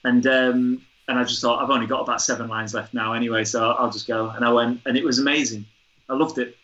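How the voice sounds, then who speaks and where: A man, a theatre director, chatting as a guest and telling a lively anecdote. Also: medium pitch, fast talker. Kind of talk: casual chat, storytelling. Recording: dull lo-fi recording.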